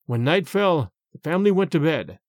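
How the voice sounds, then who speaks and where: A man narrating a story in a measured, expressive way. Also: fairly high pitch, dry recording, studio quality. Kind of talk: storytelling reading.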